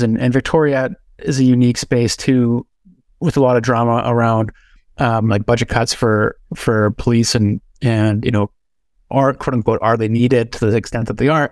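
A man's voice: medium pitch, no echo. A man hosting a podcast interview, speaking earnestly and rambling with lots of fillers. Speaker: podcast host. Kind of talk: interview conversation.

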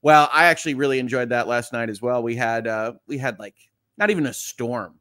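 Man from Michigan, livestream host, mid-pitched, chatty, reads the chat and riffs on it. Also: a little fast, pushed and bright. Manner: chatty, reads viewer comments aloud with quips. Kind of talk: casual morning livestream chat.

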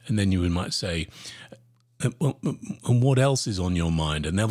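A man with a low, husky voice talks straight to the listener in a solo podcast. His delivery is emphatic and lively, leaping up in pitch to stress points. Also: normal speed. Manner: animated, emphatic coaching delivery with sudden pitch jumps. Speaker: sales trainer podcast host.

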